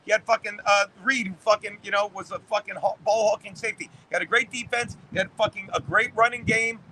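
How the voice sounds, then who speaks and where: High, bright-voiced profane man in his fifties. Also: fairly even intonation, fast, slight background noise. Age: 50s. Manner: profane, rambling sports rant. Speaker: livestream host reading chat. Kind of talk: casual livestream chat.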